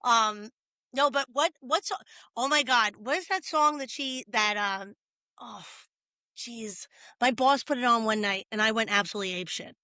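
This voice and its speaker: A young woman from Yonkers with a smoky, raspy voice, guesting on a podcast and telling animated, swearing stories full of quoted asides. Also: on the high side, normal speed, dry recording, clean studio sound. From Yonkers, New York. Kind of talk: casual chat.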